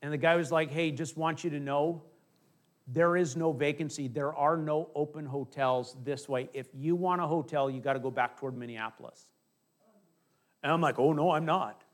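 A middle-aged male pastor preaching a conversational sermon, acting out little asides and dropping from emphatic to hushed. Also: on the high side, fairly even intonation, moderate pace.

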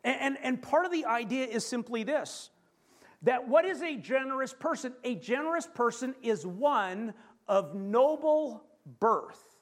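A Canadian pastor with a very high voice delivers a lively sermon, calling out rhetorical questions to the room and slowing down to stress key phrases.

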